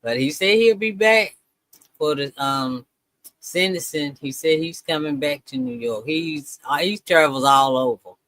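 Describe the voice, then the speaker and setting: Guy on a home stream, slow easygoing talk, dry close sound. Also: fairly high pitch, fairly bright tone, no room sound. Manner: chatty, talks to viewers as "y'all". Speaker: streamer reacting to a video. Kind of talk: casual live-stream chat.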